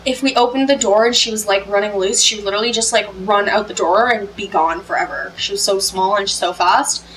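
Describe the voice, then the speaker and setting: A woman's voice: medium pitch, fairly even intonation, brisk, fairly bright tone, rough recording. A woman telling a story to camera in a casual, chatty way, full of fillers. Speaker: storytelling vlogger.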